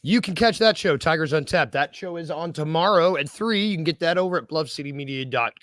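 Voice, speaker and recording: A man's voice: a little high, expressive, a little fast, a bit bright, no echo. A man hosting a casual sports podcast, rambling and joking, often correcting himself mid-sentence. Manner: rambling, self-correcting, jokey. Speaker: podcast host.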